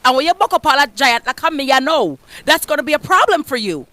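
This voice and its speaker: A Jamaican woman speaks in an emphatic, preaching way, slipping in and out of patois. Her voice sits on the higher side, and the sound is dry and close with no room around it. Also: animated, a little fast, hardly any pauses, dry recording. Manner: forceful, emphatic, mixes patois into her speech. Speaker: radio host, guest speaker. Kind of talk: motivational preaching.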